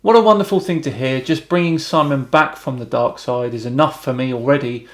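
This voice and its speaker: A British man hosting a YouTube channel, reading out viewer comments and answering them with wry, deadpan remarks. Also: medium pitch, brisk. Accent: British English. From Britain.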